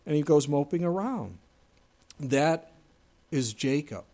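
A man preaching a sermon in an earnest, conversational way, moving between loud and quiet passages and reading scripture aloud. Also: fairly high pitch, animated, takes it slowly. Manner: earnest, conversational preaching with wide swings in loudness. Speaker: pastor.

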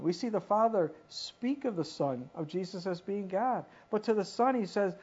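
Male pastor, fairly high voice, emphatic sermon delivery with lively asides; dull lo-fi recording. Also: normal speed, hardly any pauses, breathy edge. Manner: emphatic, rises to sudden animated asides. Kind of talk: expository sermon.

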